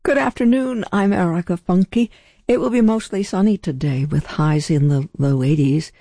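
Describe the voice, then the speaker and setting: A woman radio host with a gravelly voice, giving the weather and chatting about music with a conversational manner. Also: fairly low pitch, normal speed, mellow, no echo. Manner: conversational, with restarts. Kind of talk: casual radio hosting.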